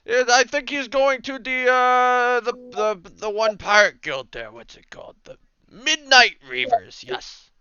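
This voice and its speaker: A man voicing a tall, slow-witted man named Tom who stumbles through his directions. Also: extremely high pitch, lively intonation, pushed and bright, smooth, muffled recording, voice pushed up, full character voice. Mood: dim. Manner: halting and rambling.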